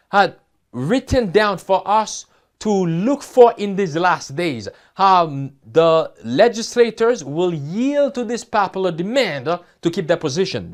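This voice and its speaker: A man preaching a sermon, reading headlines and scripture quotes aloud and asking his listeners questions. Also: high voice. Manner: emphatic, asks the audience questions. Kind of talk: sermon reading news and prophecy.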